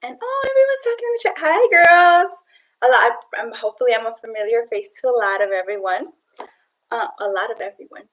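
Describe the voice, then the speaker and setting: A young woman coach leading girls through an online exercise game, counting reps out loud in an upbeat way. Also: fairly high pitch, lively intonation, brisk, roomy sound, poor audio. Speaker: youth sports coach.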